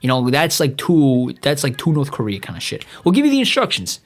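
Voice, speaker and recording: Ranting alone on his podcast, a young host from New swears a lot, rambles, and keeps stumbling and restarting. He speaks briskly in a mid-range voice with huge pitch swings.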